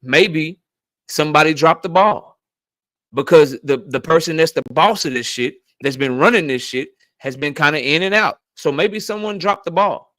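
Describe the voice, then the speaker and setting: A man's voice: on the high side, moderate pace, fairly bright tone, no echo. A middle-aged man hosting a channel, arguing his point insistently and with a lot of profanity in a heated debate. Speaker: channel host.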